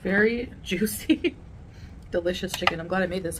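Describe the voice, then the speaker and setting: A woman vlogger chatting casually to her viewers while eating a meal, rambling and pausing to chew. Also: on the low side, background noise. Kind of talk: casual eating vlog chat.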